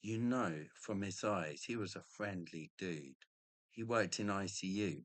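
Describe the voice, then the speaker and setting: A man's voice: deep voice, normal speed, a bit bright, no echo. A middle-aged man, ranting in a rambling, profane monologue and tacking on "mate" again and again.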